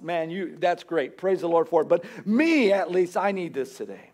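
A man's voice: sits high, very animated, normal speed, hardly any pauses, a little mellow. A man preaching a Sunday sermon as pastor, earnest and conversational, building emphasis as he goes. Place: church.

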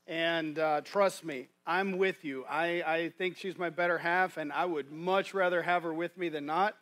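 A man preaching a guest sermon in a church, his voice sitting a little high for a man. He talks in a folksy, conversational way, often restarting his sentences. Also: fairly even intonation, moderate pace, a bit bright. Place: church sanctuary.

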